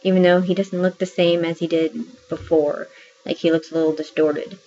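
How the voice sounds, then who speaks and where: A woman's voice: on the low side, flat delivery, normal speed, warm tone. A woman casually reviewing a book, retelling scenes in a chatty way with plenty of fillers. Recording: dull lo-fi audio with faint noise.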